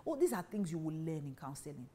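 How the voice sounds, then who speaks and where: A woman's voice: low-pitched, big pitch swings, fast, dark tone. A woman teaching on marriage in a preaching style, emphatic and full of rhetorical questions. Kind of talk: preaching talk to women.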